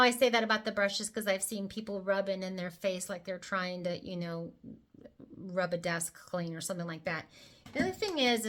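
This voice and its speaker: A woman's voice: mid-range voice, fairly bright tone. A woman presenting a casual makeup tutorial, talking the viewer through each step with chatty, playful asides. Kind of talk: casual how-to demonstration.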